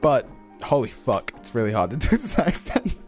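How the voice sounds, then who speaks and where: A man's voice: medium pitch, wildly swooping pitch, normal speed, faint music behind. A young man chatting casually on a livestream, laughing often, swearing and restarting his words. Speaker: streamer.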